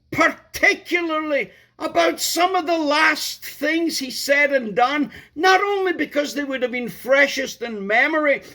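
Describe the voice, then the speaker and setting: A man preaching a sermon, emphatic, repeating key words and building to loud outbursts. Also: very high voice.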